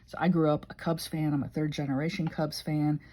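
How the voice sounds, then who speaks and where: An older woman from Illinois, USA, flips through her journal and chats in a rambling, emotional, conversational way for her vlog. Her voice is low and mellow, with a level tone and a slightly fast pace.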